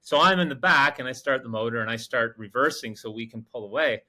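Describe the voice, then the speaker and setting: A man co-hosting a podcast, telling a field story in casual chat, animated and acting out other people's lines. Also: mid-range voice, a little fast. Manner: animated, mimics others with raised voice and swearing. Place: remote field camp in the Amazon.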